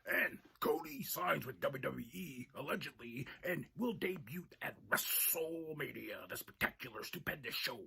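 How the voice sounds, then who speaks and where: Raspy, gravelly man reading news. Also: fairly high pitch, very animated, measured pace, pushed and bright. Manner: drops into whispers for effect. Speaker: news segment reader. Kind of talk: dramatic news read.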